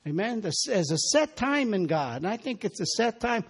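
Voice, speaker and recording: High-voiced man preaching a sermon. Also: sing-song, normal speed, breathy edge. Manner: exhorting, asks the congregation for responses. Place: church.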